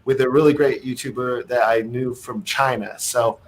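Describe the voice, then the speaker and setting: A man's voice: mid-range voice, fairly even intonation, normal speed, poor audio. A man who makes travel food videos, easygoing and chatty, plugging his channel on a livestream. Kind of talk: casual channel plug on a livestream.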